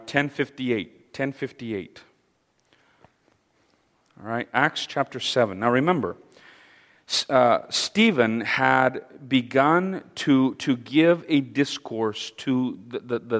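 A man leading an interactive Bible study, speaking haltingly with fillers and repeated words and putting questions to his audience. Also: mid-range voice, fairly bright tone. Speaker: Bible teacher. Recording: long reverb of a large hall.

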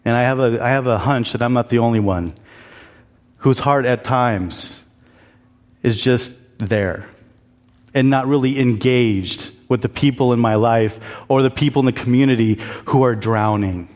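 A man preaches at a measured pace, his mid-range voice carrying a darkish tone and a long church reverb tail. He speaks as a pastor, candid and conversational, prompting his congregation to call back.

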